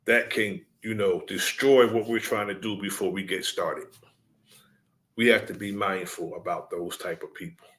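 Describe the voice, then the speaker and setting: A man addressing his followers in a deliberate, preaching cadence, repeating his key points. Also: on the low side, fairly even intonation, a bit bright.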